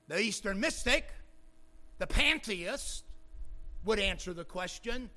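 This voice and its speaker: A man preaching a sermon as pastor, playful with wordplay, moving from quiet explanation to loud, emphatic shouting. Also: high voice, lively intonation, unhurried.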